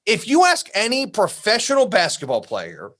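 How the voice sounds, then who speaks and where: Animated man rambling on a podcast. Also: high voice, moderate pace. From US East Coast. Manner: rambling, animated, drops into mock voices. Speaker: podcast co-host. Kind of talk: casual chat.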